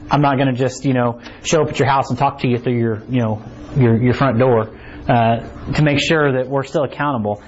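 A man's voice: mid-range voice, brisk, a little hiss or hum. A man preaching a conversational sermon to a small congregation in a church, often asking "right?". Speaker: pastor. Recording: slightly dull recording with faint ambience.

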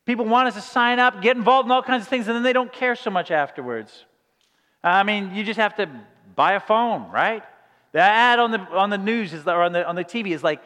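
A male pastor preaches a sermon in an animated storytelling style, often restarting his phrases as he goes. His voice sits high, and it rings out in a church with a long hall reverb. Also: a little fast.

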